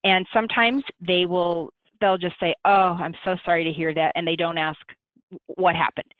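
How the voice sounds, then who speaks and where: A middle-aged woman, a guest on a webinar, speaking gently and in a measured way with many pauses. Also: on the low side, fairly even intonation, dry recording. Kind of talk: webinar conversation. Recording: tinny dry phone line.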